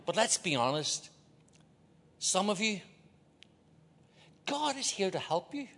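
A man's voice: fairly high pitch, a bit bright. A man from Ireland preaching a sermon as a guest in a large church, joking with the crowd and leading call-and-response. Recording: long hall reverb.

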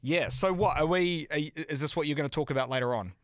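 A man with a New Zealand accent hosting a podcast in casual, excitable chat, joking, swearing and laughing often. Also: a little high, quick pace, smooth, dry recording, studio quality. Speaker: podcast host.

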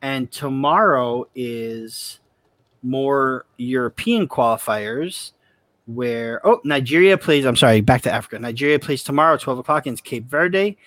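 A man's voice: medium pitch, a bit bright, no room sound. Man, young adult, co-host, chatty and joking, dry sound. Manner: chatty, joking, quick restarts. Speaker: co-host of a football podcast. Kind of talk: casual chat.

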